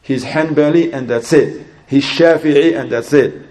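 A man giving a religious sermon in English, telling a story and acting out both sides of a conversation in a lively, rising voice. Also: a little high, a little slow. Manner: acts out dialogue in an animated, rising voice; non-native English with Arabic religious terms. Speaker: Islamic preacher.

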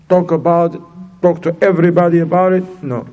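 A man preaching a sermon in a lively way, mixing in Arabic terms and acting out quoted speakers with sudden high jumps in pitch. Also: brisk. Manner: non-native phrasing, mixes in Arabic terms.

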